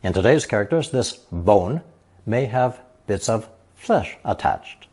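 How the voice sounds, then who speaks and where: Slow, husky man teaching Mandarin. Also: fairly low pitch, animated, darkish tone. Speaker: language teacher. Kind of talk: scripted lesson narration.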